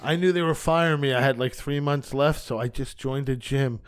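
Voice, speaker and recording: A middle-aged man talking as a guest on a podcast. He tells his stories casually, acting out the lines of each person in them at an ordinary pitch. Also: moderate pace, smooth. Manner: storyteller acting out dialogue. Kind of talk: casual chat.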